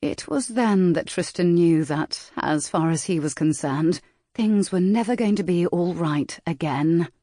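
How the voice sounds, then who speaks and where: A woman narrating a historical romance audiobook in a measured, dramatic style. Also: lowish voice, mellow, no echo, clean studio sound. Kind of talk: scripted narration.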